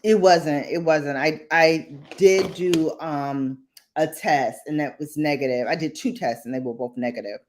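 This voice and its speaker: A woman's voice: sits low, a little slow, slight background noise. A young woman with a Brooklyn accent, chatting as a podcast host and acting out her relatives as she tells stories. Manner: animated storyteller, acts out relatives in voices. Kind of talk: casual chat.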